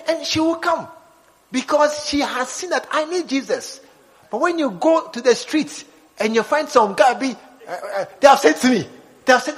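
A man preaching a lively sermon, acting out little scenes and joking with his congregation. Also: extremely high pitch, in a large hall, low-quality recording. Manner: animated, acts out scenes, jokes with the congregation.

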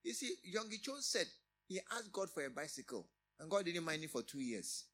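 A middle-aged man preaching a sermon, emphatic, often repeating and restarting phrases with sudden rises in loudness. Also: fairly high pitch, very animated, fairly quick, slight background noise. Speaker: pastor.

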